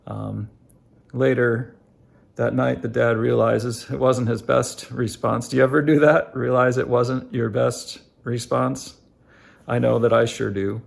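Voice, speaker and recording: Gravelly, earnest middle-aged man. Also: medium pitch, fairly even intonation. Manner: halting, many fillers and restarts; earnest, addresses viewers directly. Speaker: family life vlogger. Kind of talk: casual reflective monologue.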